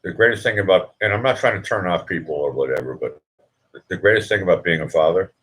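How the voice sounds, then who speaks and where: A man's voice: low voice, fast talker, a bit bright. A middle-aged man hosting a casual live stream, chatting with viewers in a rambling, self-interrupting way and chuckling at his own jokes. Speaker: livestream host.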